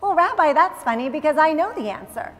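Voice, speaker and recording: A woman's voice: high-pitched, animated, brisk, a bit bright. A woman telling a story in a sermon voices an earnest little boy who eagerly explains what he learned in class. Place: synagogue sanctuary. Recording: long reverb in large hall.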